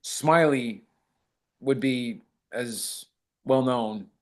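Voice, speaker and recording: A man's voice: mid-range voice, extremely slow. A man, an actor, talking modestly in a casual interview and retelling fan encounters with quoted dialogue. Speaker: actor guest.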